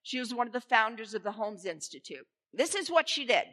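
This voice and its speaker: A woman minister giving a sermon in a church, playful and animated as she leads the congregation. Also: fairly high pitch, fairly quick, few pauses. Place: church sanctuary. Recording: reverberant church hall.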